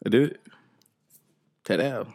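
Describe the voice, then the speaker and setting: A man with a somewhat low voice hosts a casual podcast. He rambles from one thought to the next, jokes constantly and breaks into laughter. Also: a little slow, darkish tone. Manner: joking, laughing often, rambling. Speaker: podcast host.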